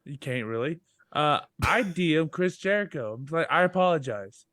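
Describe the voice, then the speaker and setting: A man co-hosting a casual podcast, telling jokey stories with animated asides. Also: a little high, normal speed, dry recording, clean studio sound. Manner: joking, animated storytelling about drinking. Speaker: podcast co-host. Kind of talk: casual chat.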